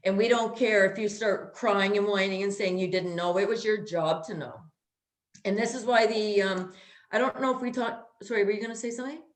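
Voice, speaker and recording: A woman in an echoey room, talking at a middling pitch. She co-hosts a casual chat and vents bluntly, swearing without a filter. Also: fairly even intonation, a little fast. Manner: blunt, ranting, swears freely. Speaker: co-host.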